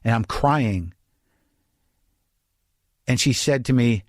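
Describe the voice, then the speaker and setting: A man's voice: medium pitch, slow, long pauses, dry recording, studio quality. Candid rambling male podcast host. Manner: rambling, restarts sentences, candid and reflective. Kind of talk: casual conversational monologue and interview.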